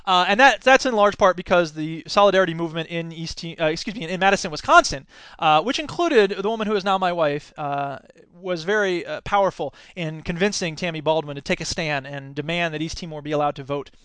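Lively high-voiced American man, animated. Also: brisk, clean tone, dry recording. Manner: animated, acts out quoted voices, many fillers and restarts. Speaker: speaker giving a talk. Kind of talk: storytelling lecture.

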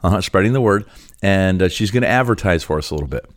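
A Canadian man who is a pastor co-hosts a podcast, chatting casually and laughing often. His low voice is animated and he talks fast, captured in studio quality with no room sound.

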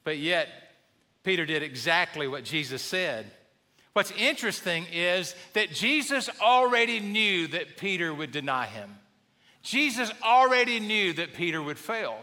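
A man's voice: sits high, sing-song, unhurried, bright, forceful tone, in a large hall. A male pastor preaching a sermon in a church, telling stories in a conversational, humorous way. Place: church sanctuary.

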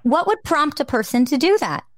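A woman's voice: sits high, lively intonation, normal speed, dry recording. Dating coach lady in her 40s, chatty and emphatic, cracks jokes, dry sound. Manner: emphatic, joking. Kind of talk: casual interview chat.

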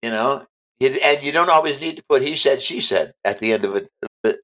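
Author guy being interviewed, middle pitch, chatty, keeps saying stuff twice. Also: lively intonation, fairly quick, a bit bright. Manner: chatty, emphatic, repeats himself. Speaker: author guest. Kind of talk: casual interview chat.

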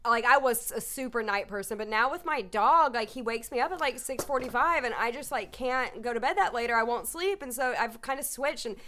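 A woman's voice: on the high side, a little fast, few pauses, a bit bright. A young woman co-hosting a podcast, chatting casually with lots of "like" fillers. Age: young adult. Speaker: podcast co-host.

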